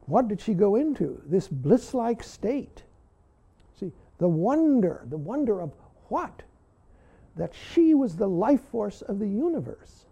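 A man giving a dharma talk to his students, often saying "see" and pausing for emphasis. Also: high voice, creaky, warm tone, slightly rough. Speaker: Zen teacher.

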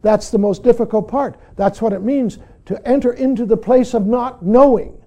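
A man's voice: extremely high pitch, normal speed, mellow. An older man, a Zen teacher, giving an earnest dharma talk that keeps returning to "see". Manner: earnest, frequently says "see".

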